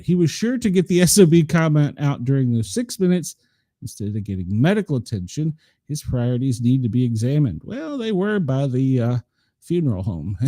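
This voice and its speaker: A man's voice: mid-range voice, mellow, no echo, clean studio sound. A male radio host reading the news aloud, with chatty laughing asides and many restarts.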